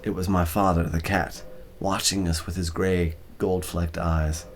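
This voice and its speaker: A man's voice: low-pitched, flat delivery, a little slow. An exhausted man reading a short story aloud for ASMR, stumbling over words and apologizing.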